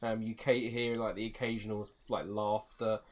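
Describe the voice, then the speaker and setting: Hesitant low-voiced game master. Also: male voice, flat delivery, normal speed. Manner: hesitant, lots of fillers. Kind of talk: narrating a tabletop game.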